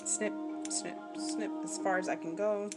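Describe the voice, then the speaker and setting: A woman's voice: mid-range voice, steady tone, measured pace. A woman in her forties from New Jersey, chatting casually and self-mockingly while she sews, rambling off on side stories. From New Jersey, USA. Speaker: crafting vlogger. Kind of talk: casual chat while sewing. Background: background music.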